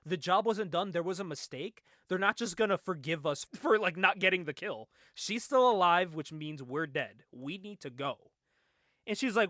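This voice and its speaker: A young man in casual conversation, excitedly recapping a comic book, laughing often and acting out the lines. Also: high voice, fairly quick, no echo, clean studio sound. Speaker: podcast co-host.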